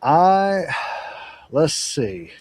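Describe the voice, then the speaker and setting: Laid-back rambling podcast host, dry sound. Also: male voice, fairly high pitch, sing-song, drawn-out words, a little mellow, no echo. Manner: easygoing, rambling, laughs often. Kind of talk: casual chat.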